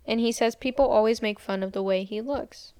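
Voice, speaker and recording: Her voice sits slightly high and moves a little fast, mellow yet clear and resonant, captured dry. She's a young podcast co-host casually walking through a film's scenes, repeating characters' lines and leaning heavily on "like."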